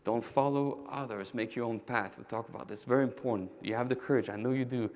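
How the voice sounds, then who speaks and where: Male keynote speaker, mid-pitched, energetic, tells stories and asks the crowd questions. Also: fast. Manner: energetic, directly addresses the audience; storytelling with quoted dialogue. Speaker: keynote speaker, roofing company owner. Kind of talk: conference keynote talk.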